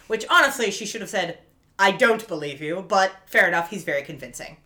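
A woman with a bright, forceful voice chats through a TV episode recap. She acts out the characters' lines with lively quoted voices and laughs often. Her tone is casual and swears freely. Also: fairly low pitch, brisk. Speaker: podcast co-host recapping a TV episode. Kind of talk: casual chat, retelling scenes with quoted voices.

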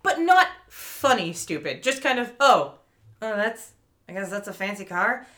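A woman's voice: medium pitch, a little slow. A woman co-hosting a podcast, casually retelling a TV episode and acting out the characters' lines, laughing and swearing as she goes. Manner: animated storyteller, laughs often, swears casually. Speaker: podcast co-host recapping a TV episode. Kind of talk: casual chat, retelling scenes with quoted voices.

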